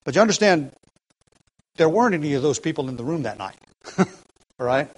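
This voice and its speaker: A man's voice: a little high, expressive, moderate pace, breathy edge, low-quality recording. A man preaching an expository sermon, earnest and emphatic, restarting phrases and shifting his pace.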